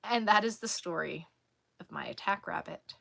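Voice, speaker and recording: A woman vlogger casually telling a story in an animated, exasperated way. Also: fairly low pitch, moderate pace, vocal fry. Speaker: crochet vlogger.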